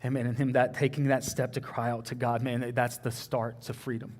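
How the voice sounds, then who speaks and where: A man's voice: medium pitch, flat delivery, brisk, a little mellow. A young man with a Texan accent preaching a sermon in an earnest, conversational way, often saying "man" and "like".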